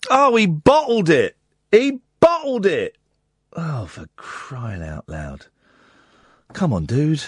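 A man chats on late-night radio in a rambling, excitable way. His pitch swings widely as he talks. The studio sound is dry and close. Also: slow, pauses often, breathy edge, dry recording. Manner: rambling, excitable, self-mocking. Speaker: radio presenter. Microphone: studio microphone.

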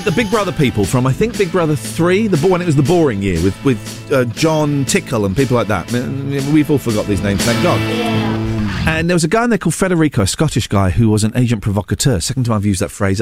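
A British man in his forties, a radio show host, chatting casually and telling animated, self-mocking stories. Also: mid-range voice, fast, music in the background. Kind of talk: casual chat.

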